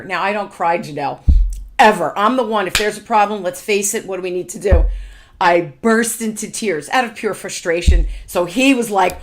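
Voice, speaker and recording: A woman in her forties hosting a show, telling personal stories with lively acted-out dialogue. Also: medium pitch, normal speed. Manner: animated storytelling, acts out quoted dialogue. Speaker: podcast host. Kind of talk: casual interview chat.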